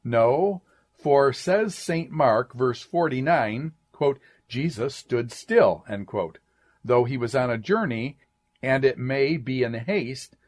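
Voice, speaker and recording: A man reading an old sermon aloud in a measured, deliberate way, speaking each "quote" and "end quote". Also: mid-range voice, expressive. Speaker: sermon reader.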